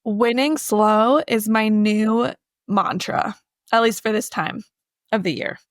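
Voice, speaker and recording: A woman's voice: medium pitch, takes it slowly, no room sound, clean studio sound. A young woman co-hosting a podcast in casual chat, with a groggy morning voice and lots of "like" fillers. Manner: chatty, filler-heavy with lots of "like". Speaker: podcast co-host.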